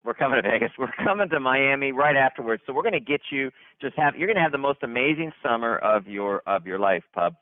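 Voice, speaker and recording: A man hosts an upbeat company call, hyped and looping back over his own phrases. His voice sits at an ordinary pitch. It comes through a thin, dry phone line. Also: animated, fast talker, hardly any pauses, no echo. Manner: hyped, repetitive, stumbling restarts. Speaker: company leader hosting a conference call. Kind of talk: upbeat conference call shout-outs.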